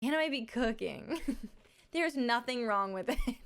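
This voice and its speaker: A young woman livestreamer speaks in a slightly high, expressive voice, giggling and chatting casually with her live audience. She has a slight lisp and stretches out her words.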